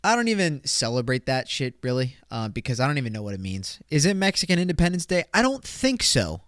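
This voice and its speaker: Hosting a casual solo podcast, a young man jokes and rambles, his volume jumping from loud bursts to mumbled asides. His smooth, resonant voice sits at medium pitch with a fast, sing-song delivery, recorded close on the mic in a dry, dead room with no echo.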